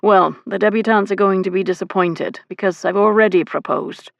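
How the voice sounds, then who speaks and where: A woman voicing a wry, calm sea captain in an audiobook, dry and understated. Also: medium pitch, moderate pace, vocal fry, no room sound, highs cut off, lightly acted.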